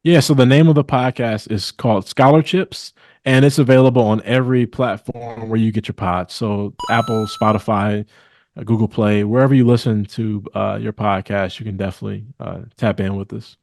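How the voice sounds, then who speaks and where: A man's voice: lowish voice, steady tone, moderate pace, gravelly, darkish tone, no echo. A man from Milwaukee, a guest attorney, talking earnestly in a casual interview with many fillers. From Milwaukee, Wisconsin.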